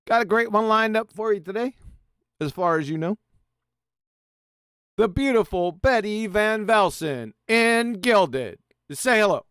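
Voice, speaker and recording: A man's voice: high-pitched, animated, a little slow, fairly bright tone, clean tone, no echo, studio quality. A man hosting a casual online panel show, brash and mocking, swearing freely. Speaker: host.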